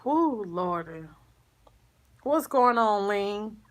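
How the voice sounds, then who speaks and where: A woman vlogger chatting with her viewers in a halting, grieving way, sighing often and calling them y'all. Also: mid-range voice. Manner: soft, grieving, subdued. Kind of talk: casual livestream chat with viewers.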